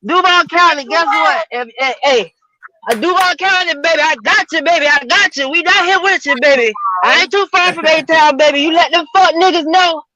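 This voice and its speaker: Rowdy, very high woman caller. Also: low-quality recording. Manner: rowdy, excited, profane, fast rambling. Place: car, outdoors near smoking area. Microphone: Bluetooth headset.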